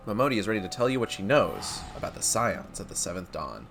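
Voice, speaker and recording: A man's voice: low-pitched, animated, normal speed, soft background music. Chatty, joking male game streamer. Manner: chatty, joking, swears casually. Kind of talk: casual gameplay commentary.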